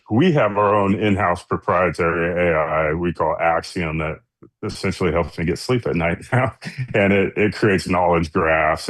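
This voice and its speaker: Deep-voiced man talking business. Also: no room sound. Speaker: guest founder. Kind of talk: casual interview talk.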